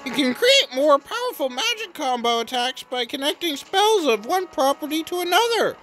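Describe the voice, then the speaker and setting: A woman's voice: high voice, very animated, moderate pace, fairly bright tone, faint music behind, pitched above the performer's own voice. A woman voicing a chirpy, upbeat tutorial guide who explains things in a sing-song way. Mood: cheerful.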